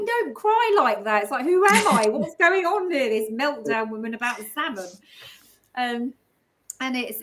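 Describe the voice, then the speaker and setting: Woman, casual storyteller, animated and laughing. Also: fairly high pitch. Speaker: guest speaker.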